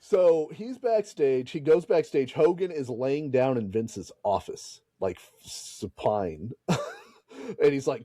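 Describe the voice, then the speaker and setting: Give me a man with a mellow, warm voice hosting a podcast and telling stories casually, recorded dry and close. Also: mid-range voice, lively intonation, slow pace, no room sound. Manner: laughs and swears while retelling stories. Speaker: podcast host. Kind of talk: casual storytelling chat.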